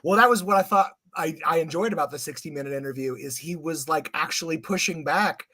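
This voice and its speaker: A man's voice: a little high, fairly quick, bright, forceful tone, no room sound, studio quality. A man co-hosting a podcast, sarcastic and mocking in casual political chat.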